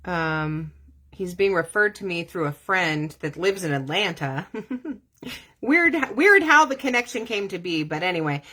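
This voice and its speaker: Female host, casual chat to viewers, animated and profane, voice a bit low. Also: a little slow. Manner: animated, profane, laughing easily. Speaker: vlogger.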